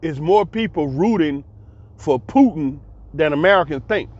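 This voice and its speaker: A man with a fairly high voice and lively intonation gives casual spoken commentary at a moderate pace, somewhere abroad. He's blunt, emphatic and repetitive, swearing freely, and the muffled recording has no room sound.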